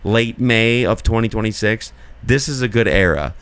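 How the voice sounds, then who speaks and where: A man with a fairly low, clean and resonant voice talks through a casual podcast chat. He rambles earnestly in long run-on thoughts, padding them with filler likes. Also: normal speed, fairly bright tone, clear, resonant tone. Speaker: podcast co-host.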